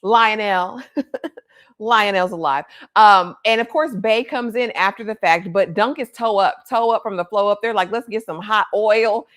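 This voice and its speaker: A woman co-hosting a casual livestream show review, animated and slangy, often acting out the scenes she describes. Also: mid-range voice, moderate pace. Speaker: co-host.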